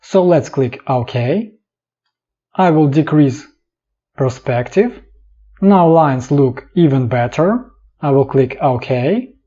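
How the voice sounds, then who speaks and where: The voice-over, dull and lo-fi, features a man with a dark, somewhat husky voice whose pitch shifts a great deal. He explains a software tutorial in a calm, instructive way, taking it slowly with brief, clipped steps.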